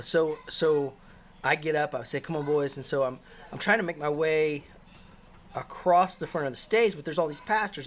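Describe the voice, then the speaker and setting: A man's voice: a little high, fairly bright tone, slight background noise. A man casually telling a personal church story, rambling with many fillers and restarts. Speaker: christian storyteller.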